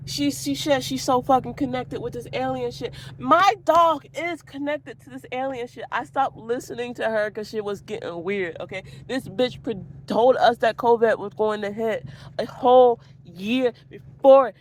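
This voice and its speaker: A woman's voice: fairly high pitch, moderate pace, slight background noise. Profane rambling woman ranting. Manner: profane, goes off on tangents, laughs a lot. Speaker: vlogger. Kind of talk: rambling casual rant.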